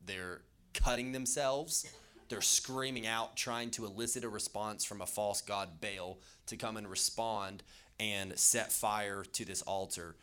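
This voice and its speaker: A man's voice: lowish voice, steady tone, unhurried, bright, forceful tone, smooth. A young man preaching a casual youth sermon, chatty and loose, with jokey asides and lots of fillers. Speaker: youth pastor.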